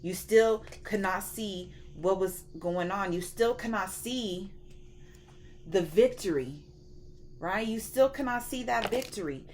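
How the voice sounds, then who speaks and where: A woman's voice: medium pitch, slow pace, slight background noise. A woman giving a casual spiritual tarot reading in a preachy, slangy and profane manner. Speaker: tarot reader.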